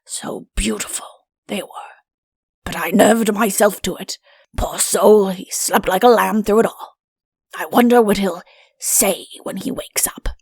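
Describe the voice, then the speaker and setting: A woman reading an audiobook, voicing a mischievous male king who talks in a hushed, conspiratorial way. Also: mid-range voice, a little slow, husky, dry recording, studio quality. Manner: hushed, conspiratorial, pleased with himself. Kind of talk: audiobook character voice.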